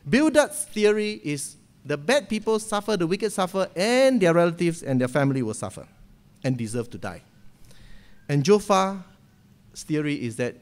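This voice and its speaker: A man preaching a sermon from a church pulpit, retelling a story in a lively way and often checking in with "okay?". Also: fairly high pitch, normal speed.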